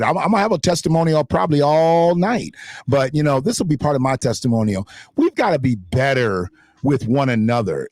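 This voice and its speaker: A man's voice: mid-range voice, a little mellow, no room sound. A man hosting an unscripted livestream, talking in a fiery, profane and emphatic way at a home streaming setup. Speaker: livestream host. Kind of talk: heated unscripted livestream rant. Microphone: desktop streaming mic in front of a green screen.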